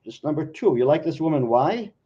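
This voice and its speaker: A man voicing his late wife in a poem, a teasing, sharp-tongued older woman. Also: fairly high pitch, lively intonation, fairly quick, natural voice. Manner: teasing, needling. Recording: dull lo-fi live recording.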